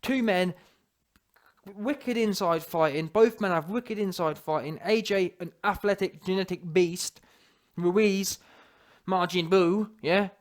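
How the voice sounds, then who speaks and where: A British man delivering casual, opinionated commentary with a notably high-pitched voice. He talks emphatically, rambles and restarts his sentences as he argues his point. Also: takes it slowly. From United Kingdom. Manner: emphatic, rambling, self-correcting. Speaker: boxing commentator.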